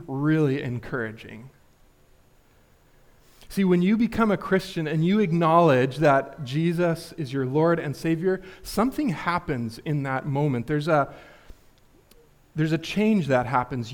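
Man, pastor, young adult, conversational sermon, fillers, rhetorical questions, slightly high voice. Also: animated, measured pace. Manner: casual, filler-heavy, asks rhetorical questions.

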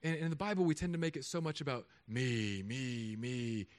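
A man in his thirties, a pastor, preaching a sermon with animated, humorous storytelling. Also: fairly high pitch, fast.

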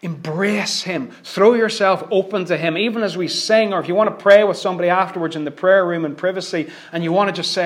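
A man's voice: sits high, brisk, hardly any pauses. Dramatic preacher, man. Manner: dramatic swings from loud emphatic declarations to hushed near-whispers. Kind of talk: sermon.

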